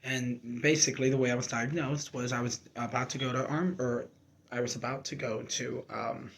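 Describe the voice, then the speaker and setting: A man's voice: medium pitch, steady tone, normal speed, vocal fry, fairly bright tone. A young man candidly telling his own story, emotional and rambling, with many fillers and restarts. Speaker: army reservist sharing his story. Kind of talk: personal storytelling to camera.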